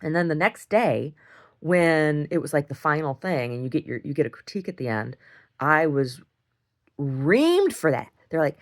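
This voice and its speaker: Woman, lower voice, blunt diary-style storyteller, casual and animated. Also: moderate pace. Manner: animated, frank storytelling with lots of "like" and "right?". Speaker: video diarist. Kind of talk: casual monologue.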